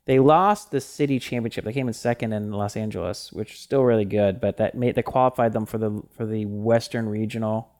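A man's voice: lowish voice, fairly even intonation, fairly quick, few pauses, darkish tone. A man co-hosting a podcast in casual chat. He rambles, with lots of fillers and restarts. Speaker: podcast co-host.

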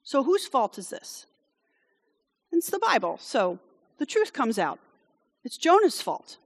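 A woman's voice: high voice, sing-song, slow, breathy edge, in a large hall. A woman who grew up in France preaches a conversational sermon. She tells the story casually, with wry asides and frequent "okay?" check-ins to her listeners.

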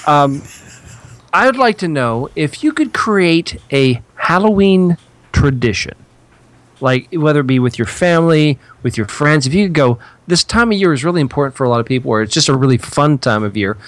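A man's voice: fairly high pitch, animated, normal speed, dry recording. A man co-hosting a casual podcast, chatty and teasing as he puts questions to the others. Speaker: podcast co-host. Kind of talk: casual crude podcast banter.

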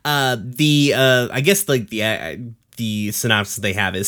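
A man hosting a casual podcast, talking haltingly, laughing often and swearing casually. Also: medium pitch, a bit bright. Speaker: podcast host. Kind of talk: casual chat.

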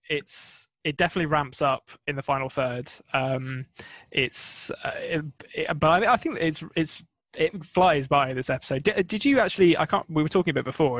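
Enthusiastic guy rambling on a podcast, kinda high voice, dry mic. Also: moderate pace, creaky, a bit bright, no room sound. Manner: rambling, enthusiastic, lots of restarts and laughter. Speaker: podcast co-host. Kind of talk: casual chat.

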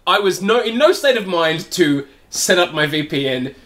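A man with a slightly high, very animated voice tells a long rambling story on a casual comedy podcast. He laughs often and swears freely. His pitch jumps around as he goes. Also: moderate pace, slight background noise. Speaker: podcast co-host.

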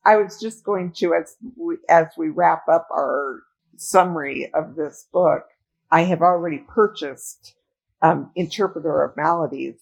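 A woman's voice: low-pitched, gravelly, husky, poor audio. A woman co-hosting a podcast, chatting earnestly about a book and often restarting her sentences. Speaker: podcast co-host. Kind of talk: casual book club chat.

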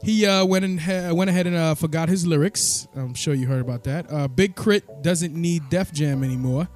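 A man's voice: a little high, moderate pace, a little mellow, soft background music. A man hosting a casual podcast, talking loosely and joking at his own puns. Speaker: podcast host.

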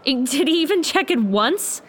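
A woman's voice: sits high, expressive. A woman playing an exasperated young trapped heroine. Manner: earnest, exasperated, quick to protest.

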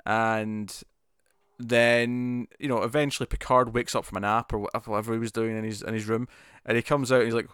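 A man's voice: medium pitch, flat delivery, brisk, a bit bright, clear, resonant tone, no room sound, clean studio sound. A man co-hosting a casual podcast, recapping a TV episode with frequent laughs and restarts. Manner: laughing often, rambling with restarts. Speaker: podcast co-host. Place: home room with a cat.

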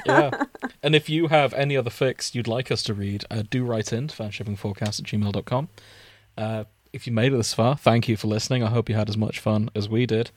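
A man's voice: on the low side, a little fast, no echo. Wry male podcast co-host. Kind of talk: casual podcast banter.

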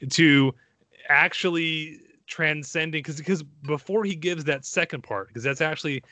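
A man's voice: fairly high pitch, a little slow, pushed and bright, no room sound. A man hosting a podcast, talking enthusiastically and rambling, with frequent restarts and self-deprecating asides. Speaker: podcast host. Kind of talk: casual podcast chat.

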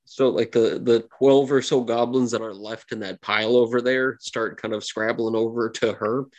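A man's voice: medium pitch, steady tone, normal speed, a little mellow. A man narrating as game master in a tabletop game, chatty and full of fillers.

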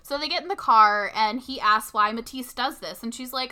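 A woman's voice: on the high side, moderate pace, hardly any pauses, bright, forceful tone. A young woman co-hosting a podcast, recapping a movie in casual chat and saying "like" constantly. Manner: chatty, heavy use of filler "like". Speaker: podcast co-host.

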